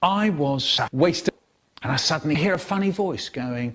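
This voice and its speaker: A man's voice: on the high side, expressive, normal speed, a bit bright. A man telling stories in a playful, theatrical way, with sudden swings in his voice. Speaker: storyteller. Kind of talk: animated storytelling, cut into spliced comedy clips.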